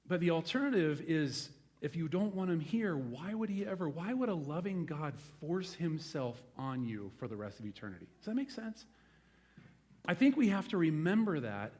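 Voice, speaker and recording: A middle-aged man preaching a sermon in a conversational, animated way, acting out the voices in his stories. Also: fairly high pitch. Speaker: pastor.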